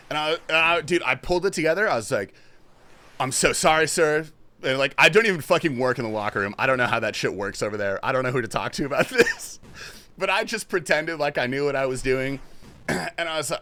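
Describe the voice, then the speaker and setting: A young man streaming a game, telling a story in a casual, animated way, swearing and laughing often. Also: on the high side. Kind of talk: casual story-telling chat while gaming.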